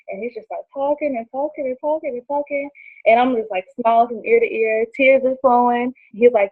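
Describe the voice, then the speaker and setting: A woman in her twenties telling a personal story, acting out quoted dialogue in lively voices. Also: a little high, brisk, slightly rough, no echo. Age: 20s. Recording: dry tinny phone-like line.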